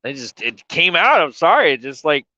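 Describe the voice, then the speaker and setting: A man's voice: a little high, sing-song, normal speed, bright, forceful tone, dry recording, lo-fi sound. A man live-streaming from his truck cab, crying and sniffling as he talks emotionally, swearing and apologizing. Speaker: trucker livestreamer. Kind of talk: casual live-stream talk.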